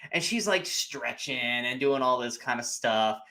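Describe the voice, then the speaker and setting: Animated man recapping a movie. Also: mid-range voice, a little slow, creaky. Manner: animated retelling, acting out characters' lines. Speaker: podcast co-host. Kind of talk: casual movie recap chat.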